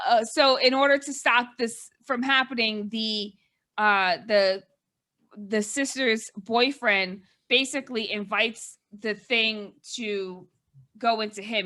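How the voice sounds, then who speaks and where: A woman co-hosting a relaxed movie review chat. She walks through the plot in a loose, rambling way, leaning on "like" and "kinda." Her voice sits fairly high and sounds sharp and bright. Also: slow pace. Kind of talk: casual chat.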